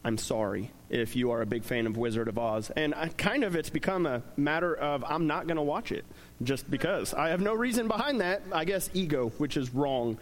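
A young male pastor with a high voice preaches in a loose, conversational way. He jokes with the congregation and talks through his points with plenty of fillers. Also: expressive, normal speed. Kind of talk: sermon.

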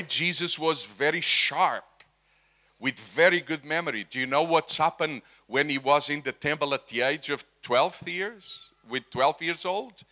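Man, middle-aged, preacher, slow, forceful bright voice, questions the audience. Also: fairly high pitch. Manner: asks the audience questions, emphatic. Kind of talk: sermon.

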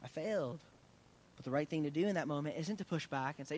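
Earnest, fairly high-voiced male pastor. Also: quick pace. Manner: earnest, builds in intensity then drops soft in prayer. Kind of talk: sermon.

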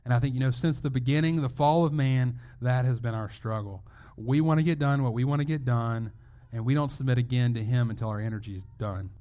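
A man's voice: mid-range voice, fairly quick, hardly any pauses, dark tone. A male pastor giving a sermon in a conversational way, asking rhetorical questions and restarting phrases as he goes.

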